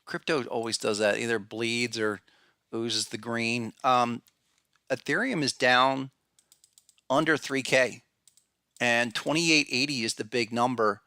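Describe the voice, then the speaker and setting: Gravelly, bright-voiced man talking markets. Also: medium pitch, fairly even intonation, a little slow, dry recording, clean studio sound. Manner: rambling, many restarts and fillers, addresses viewers by name. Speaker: podcast host and trading analyst. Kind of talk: casual market analysis talk.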